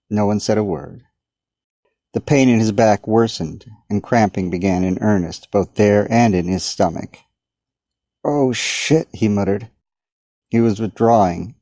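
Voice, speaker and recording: A man reading his own dark story aloud in a measured audiobook narration. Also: fairly low pitch, dry recording. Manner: steady, measured dramatic reading.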